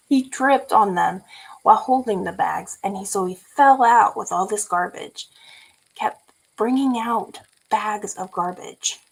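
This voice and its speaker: A woman's voice: medium pitch, takes it slowly, creaky, husky, rough recording. A woman in her forties from California, telling a story in a casual vlog and laughing often. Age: 40s. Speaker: vlogger.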